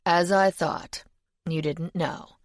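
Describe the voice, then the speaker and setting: Brief: woman narrator doing an ancient male demon, urbane and world-weary, lower register. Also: fairly even intonation, takes it slowly, no room sound. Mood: dry. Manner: polite, dry, gently world-weary.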